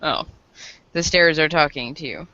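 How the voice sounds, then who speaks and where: A man's voice: fairly high pitch, moderate pace, bright, forceful tone. A man playing in a tabletop game, teasing the others with dry jokes. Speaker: player. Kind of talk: casual tabletop play. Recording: dull lo-fi recording.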